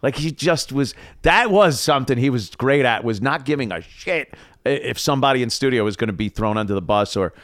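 A man, a former radio host telling stories in a relaxed podcast chat, pausing often on "uh". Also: mid-range voice, dry recording, studio quality. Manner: relaxed, laughs easily, many "uh" pauses. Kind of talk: casual storytelling chat.

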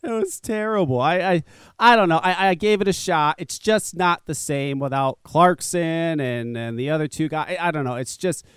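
A man's voice: fairly high pitch, moderate pace, fairly bright tone, clear, resonant tone, no echo, clean studio sound. A man hosting a talk radio show, chatting casually in a rambling, profane way and laughing often.

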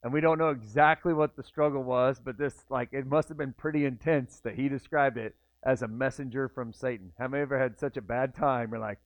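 A man's voice: medium pitch, a little fast, hardly any pauses, dry recording. A man preaching a sermon in a conversational way, acting out the inner voices of his listeners. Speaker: pastor. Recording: tinny phone-like dry sound.

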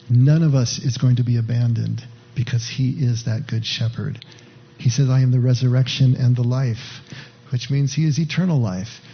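Male pastor with a husky voice teaching a casual sermon that checks in with the listener. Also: mid-range voice, muffled recording. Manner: conversational teaching with frequent "right?" asides.

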